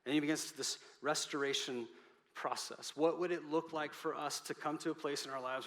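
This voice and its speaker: A pastor preaching a sermon, earnest, building up and then dropping to a soft voice. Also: male voice, a little high, steady tone, brisk. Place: church sanctuary. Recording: reverberant hall.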